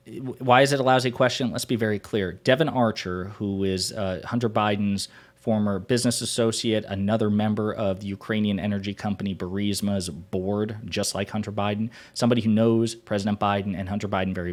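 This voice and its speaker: A man hosting a political commentary show, arguing his points emphatically and repeating them for stress. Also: on the low side.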